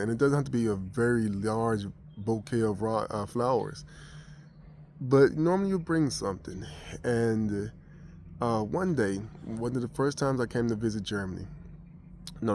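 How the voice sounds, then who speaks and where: A man's voice: on the low side, a little mellow, a little hiss or hum. An American man vlogging, telling a personal story casually with many restarts and fillers. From United States.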